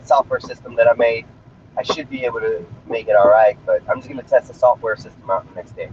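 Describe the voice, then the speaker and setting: A man's voice: medium pitch, darkish tone, slight background noise. A man chatting casually on a livestream, talking loosely with profane street slang, from inside a car. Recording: slightly dull lo-fi stream audio.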